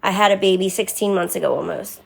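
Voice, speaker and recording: A woman's voice: mid-range voice, quick pace, creaky, husky. A young woman talking candidly on a live stream, answering viewers by name in casual chat.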